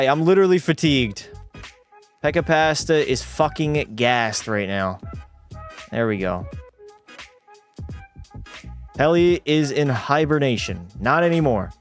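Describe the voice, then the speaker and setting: Frustrated young streamer ranting. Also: male voice, a little high, lively intonation, measured pace, soft background music. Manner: frustrated, profane ranting at the game; talks to chat. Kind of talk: live gameplay commentary.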